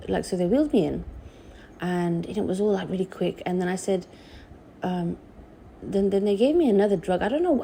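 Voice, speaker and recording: A young woman telling a personal story in a halting, emotional way, with many restarts. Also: fairly low pitch, creaky, warm tone, a little hiss or hum. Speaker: vlogger.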